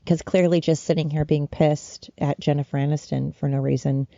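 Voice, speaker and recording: Gravelly, dark-voiced woman ranting. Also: sits low, steady tone, moderate pace, no echo, lo-fi sound. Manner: profane, rambling, worked-up. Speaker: podcast host. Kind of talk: solo podcast rant. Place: at home with her dogs.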